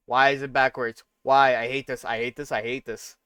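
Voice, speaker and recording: A man streaming a game, reacting in an excitable, exasperated casual way. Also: mid-range voice, moderate pace, clean tone, no echo. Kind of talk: casual gameplay commentary.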